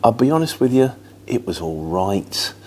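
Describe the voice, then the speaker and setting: Answering viewer questions, this middle-aged man from England chats in a rambling, matter-of-fact manner with a London-tinged Luton accent. His mid-range voice is very animated and a little mellow, at a normal speed.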